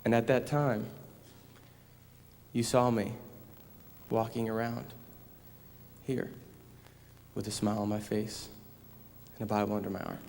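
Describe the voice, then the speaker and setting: Low, flat-voiced young man in a church. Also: slight background noise. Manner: measured, somber recounting. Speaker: son giving a church talk. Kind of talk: personal testimony. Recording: reverberant church hall.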